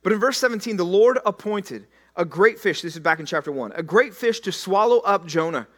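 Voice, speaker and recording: High-pitched and lively in intonation, this pastor voices scripture as if he were living it, in the first person. His sermon lurches from booming proclamation to quiet, deliberate stress.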